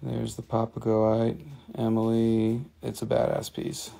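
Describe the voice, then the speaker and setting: A man's voice: mid-range voice, monotone, a little slow, vocal fry, warm tone. An American man hosting a live mineral sales stream, joking and casual, talking into a phone. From grew up near Washington, D.C. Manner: playful, jokey, swears casually.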